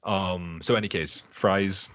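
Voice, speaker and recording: A man's voice: deep voice, slow, no echo. A man co-hosting a podcast, rambling through a casual episode recap and slipping into character quotes. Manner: rambling, animated retelling with put-on character quotes. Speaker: podcast co-host.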